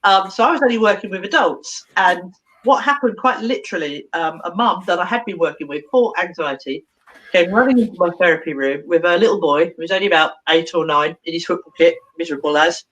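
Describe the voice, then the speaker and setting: A woman's voice: on the low side, brisk, low-quality recording. A woman, a therapist, telling a story animatedly in an interview, acting out voices and laughing often. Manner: expressive, acts out dialogue, laughs often.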